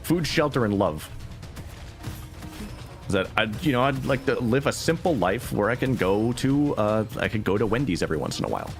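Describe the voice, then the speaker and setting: A man chats casually while he streams a game, rambling from one aside to the next. His voice is low and gravelly, and it rises and falls a lot. Faint music plays behind him. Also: quick pace, few pauses. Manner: rambling, animated, full of asides. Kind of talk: casual gameplay commentary.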